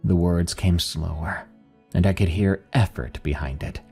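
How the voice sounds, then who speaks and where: A man reading a first-person horror story in a slow, grave narration over faint music. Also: deep voice, gravelly, dark tone, husky.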